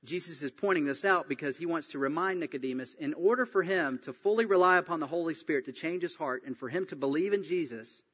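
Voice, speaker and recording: Animated preacher man in a reverberant hall. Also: a little high, fast, hardly any pauses, breathy edge. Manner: animated storytelling, acts out quoted voices. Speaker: pastor. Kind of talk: sermon. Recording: dull sound, long reverb in a hall.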